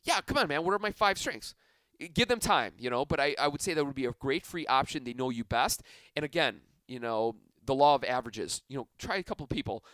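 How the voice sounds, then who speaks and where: A man's voice: mid-range voice, fast talker, no echo. A man hosting a self-help podcast, talking energetically and casually, stretching key phrases for emphasis. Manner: energetic, enthusiastic, conversational. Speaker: podcast host.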